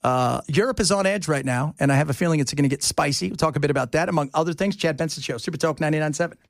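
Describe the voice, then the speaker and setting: Gravelly, rambling talk radio man. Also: a little high, very fast, no room sound, studio quality. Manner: rambling, animated, jumps between topics. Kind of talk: casual talk radio monologue.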